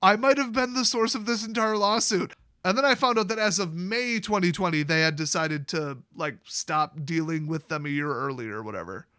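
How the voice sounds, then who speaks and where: A man rants through a casual commentary video in a high, bright voice. His delivery is sarcastic and mocking. The close mic sounds dry, with no room around him. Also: moderate pace, smooth, no room sound. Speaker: commentary channel host.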